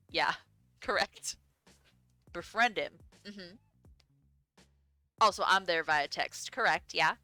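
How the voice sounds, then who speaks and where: A woman's voice: on the low side, takes it slowly, long pauses, bright, forceful tone, dry recording, faint music behind. A young woman streaming a game and chatting casually in a giggly, rambling, self-deprecating way. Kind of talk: casual live-stream commentary.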